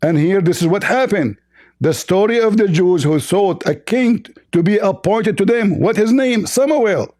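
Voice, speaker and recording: A man hosting a heated live online debate, hoarse from shouting, hurling insults and repeating himself. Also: high-pitched, animated, normal speed, no echo, clean studio sound. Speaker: debate show host.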